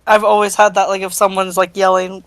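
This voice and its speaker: Gravelly, flat-voiced woman in dry sound. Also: medium pitch, fairly quick, dry recording. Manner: hesitant, many fillers. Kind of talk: casual chat.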